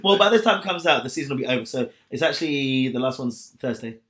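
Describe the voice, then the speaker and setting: A young man from England chats on a podcast in a quick, talkative stream. His voice is bright and forward, with a slightly polished, posh-leaning delivery and a middle pitch. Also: expressive. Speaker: podcast co-host. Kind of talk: casual chat.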